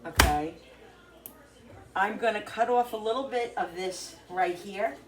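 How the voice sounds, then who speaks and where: A woman talking casually to her viewers while cooking in her home kitchen, rambling and thinking out loud as she works. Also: medium pitch, unhurried. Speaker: cooking vlogger. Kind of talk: casual cooking vlog chat.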